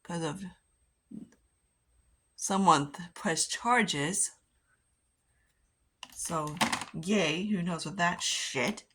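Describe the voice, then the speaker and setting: A woman's voice: fairly low pitch, very slow, long pauses, a bit bright, husky. A woman chatting casually while doing her makeup, rambling and swearing freely. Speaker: beauty vlogger. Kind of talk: casual get-ready-with-me chat.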